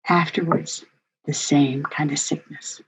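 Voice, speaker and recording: A woman's voice: deep voice, steady tone, measured pace, a little hiss or hum. An older woman, a grandmother, telling a personal family story in an earnest, heartfelt way as a workshop presenter. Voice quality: husky. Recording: dull lo-fi recording.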